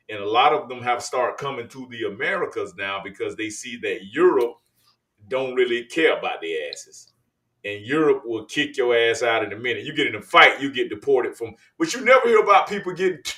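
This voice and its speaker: A man hosting casual reaction commentary. He talks in an animated, slangy way and addresses the audience as "y'all.". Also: mid-range voice, fairly quick. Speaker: podcast host.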